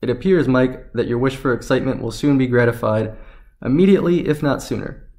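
A man reading the lines of a calm, dry-witted male scientist in a story, speaking with measured calm. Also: medium pitch, close to an everyday voice.

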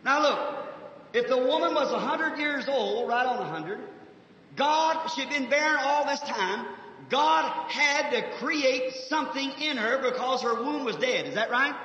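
A man preaching a fervent, folksy revival sermon, shifting from soft asides to shouts, on a 1950s archive recording with faint hiss. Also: very high voice, unhurried, reverberant, in a large hall, dull audio.

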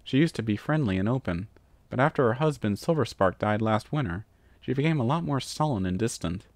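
A man's voice: medium pitch, lively intonation, fairly quick, no room sound, lightly acted. Blunt stubborn pony mare professor, a guy doing her voice, storybook reading, dry close sound. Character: adventurous female pony archaeology professor.

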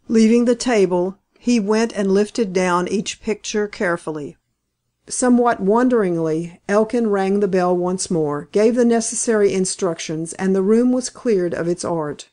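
A woman's voice: mid-range voice, a little slow, dark tone. Woman narrating an audiobook. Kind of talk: scripted narration.

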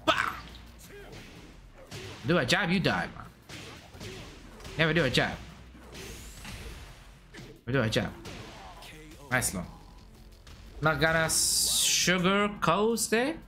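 Excitable man. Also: fairly high pitch, takes it slowly, pauses often, soft background music. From Saudi Arabia. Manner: excitable, chatty, bursts into shouts and laughs at the game. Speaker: streamer. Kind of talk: live gameplay commentary.

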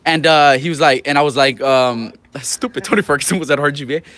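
A young man telling a story in a rambling, profane, animated way during casual trash talk. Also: on the high side, fast.

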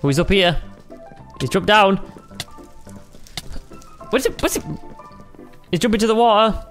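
A gaming host chatting and joking through a match, with a voice that swings freely up and down in pitch. Quick, excitable exclamations come through over faint game music in the background. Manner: playful, jokey, quick exclamations. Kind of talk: excited casual game commentary.

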